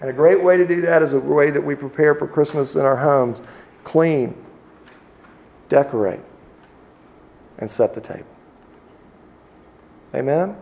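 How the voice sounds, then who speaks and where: Mellow-voiced man preaching conversationally. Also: on the high side, measured pace, gravelly, pauses often. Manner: relaxed, conversational preaching with frequent restarts. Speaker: pastor. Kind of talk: sermon.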